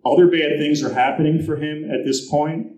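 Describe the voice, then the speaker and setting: A man's voice: a little high, steady tone, normal speed, a little mellow. Man telling film stories in a roomy hall. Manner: storytelling, acts out quoted voices. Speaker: film historian speaker. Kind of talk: anecdotal talk to an audience.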